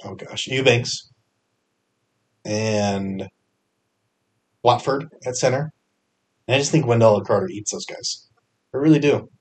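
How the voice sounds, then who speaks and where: A young man hosting a fantasy sports podcast, talking casually with energetic bursts and frequent fillers. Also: lowish voice. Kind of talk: casual solo podcast picks.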